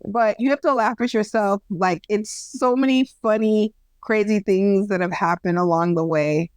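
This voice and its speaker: A woman's voice: medium pitch, moderate pace, no room sound. A woman in her thirties, co-hosting a podcast, tells a story with lots of animation. Her voice sits in a middle register. The recording is close and dry, with no room sound. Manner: animated storyteller, acts out quoted voices, laughs at herself. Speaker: podcast co-host. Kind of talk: casual storytelling chat.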